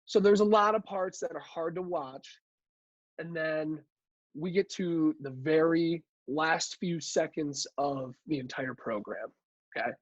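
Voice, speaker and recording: High-voiced man, dry dull recording. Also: measured pace, no echo. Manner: relaxed, laughs easily. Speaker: podcast co-host. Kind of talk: casual chat.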